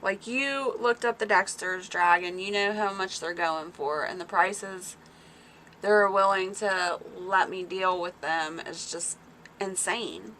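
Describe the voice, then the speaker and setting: A woman chats on a farm livestream in a bright, clear voice at a middling pitch. She is excitable and talkative and reads comments from her viewers aloud as she goes. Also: slow pace, slight background noise. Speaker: small-farm livestream host. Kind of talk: casual livestream chat with viewers.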